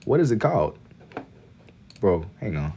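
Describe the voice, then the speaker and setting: Young man from Kentucky, slightly low voice, laid-back slangy livestream chatter while drawing. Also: very animated, unhurried, mellow, breathy edge. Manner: laid-back and slangy, reading chat aloud. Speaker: livestreaming artist.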